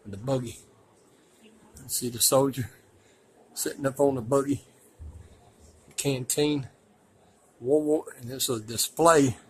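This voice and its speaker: A man narrating casually as he films his walk through a museum, rambling and folksy and quick to complain. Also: medium pitch, steady tone, a little hiss or hum, low-quality recording. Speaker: vlogger touring a museum. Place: indoor museum.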